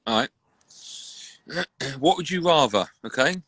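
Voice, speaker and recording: A man's voice: fairly high pitch, lively intonation, fairly bright tone, no echo. A man, a host chatting on a live video stream, telling jokey anecdotes and posing would-you-rather questions. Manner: jokey storyteller, brisk anecdotes. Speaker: radio host. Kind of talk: casual live-stream chat. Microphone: online live video call.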